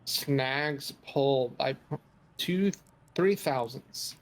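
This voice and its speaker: A man's voice: mid-range voice, drawn-out words, rough recording. Male race co-commentator, mid-range voice, dry teasing, faint hiss behind him.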